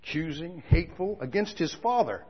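A man preaching a sermon, telling stories with quiet asides that build to loud outbursts. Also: a little high, expressive, fairly quick, breathy edge. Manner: storytelling, swings from quiet asides to shouting. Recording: dull lo-fi recording with a long hall reverb.

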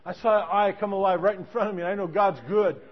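A man with a notably high voice delivers a sermon as a lively story. He keeps restarting his sentences. The recording sounds dull and lo-fi. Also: fast. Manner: animated, with many restarts. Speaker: preacher.

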